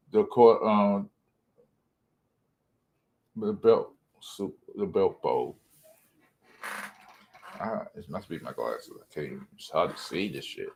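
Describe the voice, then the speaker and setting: A man hosting a casual livestream rant, rambling and stumbling over words as he reads comments aloud, laughing often and swinging between loud remarks and mumbles. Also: sits low, wildly swooping pitch, takes it slowly, gravelly, pauses often. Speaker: livestream host.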